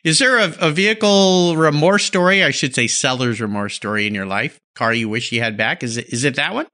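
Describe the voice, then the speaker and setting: A man's voice: mid-range voice, brisk, pushed and bright. A man hosting a casual radio interview, giving brief encouraging replies and asking questions. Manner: brief encouraging responses, laughs along. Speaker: radio host.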